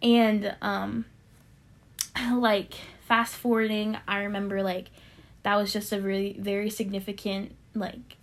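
A young woman casually telling a personal faith testimony on a podcast, animated and full of fillers, acting out what others said. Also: mid-range voice, unhurried. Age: young adult. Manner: animated storyteller with many fillers, acting out quoted voices. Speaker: podcast co-host sharing a testimony.

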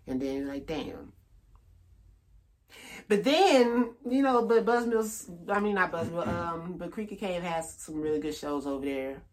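A man's voice: sits high, lively intonation, measured pace. Laid-back, laughing man comic. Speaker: stand-up comedian, podcast guest. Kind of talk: casual podcast chat.

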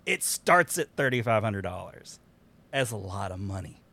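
Excited rambling man, podcast host. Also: lowish voice, normal speed. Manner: animated, rambling, laughs often. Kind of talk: excited casual chat.

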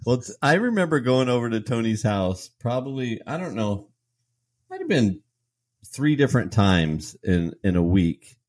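A man's voice: medium pitch, sing-song, normal speed, a little mellow, no room sound. A man co-hosting a casual podcast chat, telling stories and laughing often as he talks. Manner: giggly, laughs through his stories. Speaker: podcast co-host.

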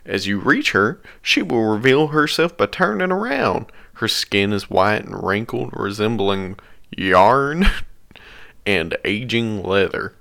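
A man's voice: lowish voice, lively intonation, measured pace, vocal fry, fairly bright tone. A man reading a creepy story aloud to friends in a casual chat, often breaking into laughter as he reads. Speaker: story reader among friends.

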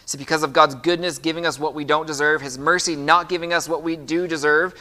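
A man's voice: on the high side, steady tone, a little fast, pushed and bright. A man preaching a sermon as pastor, reading scripture aloud with emphasis and putting questions to the congregation.

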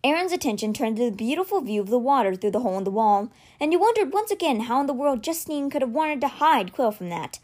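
A woman reads a novel aloud with a fairly high voice. Her pitch swings widely as she narrates, and she changes her voice for the different characters. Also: fast, hardly any pauses. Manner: expressive, shifts pitch for dialogue. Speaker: audiobook reader. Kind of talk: reading a novel aloud, doing dialogue voices.

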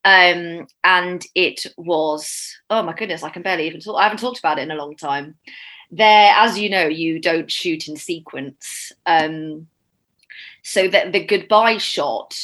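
A woman's voice: lowish voice, measured pace, fairly bright tone. A young woman talking as an actress guest in a casual interview, chatty and emotional, over a video call. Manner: chatty, emotional, laughs through tears.

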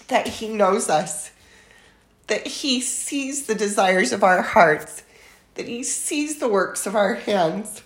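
A woman giving a devotional scripture talk, reading verses aloud in a slow, reverent and tender way. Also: medium pitch, expressive, echoey room. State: moved to tears at times. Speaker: church speaker.

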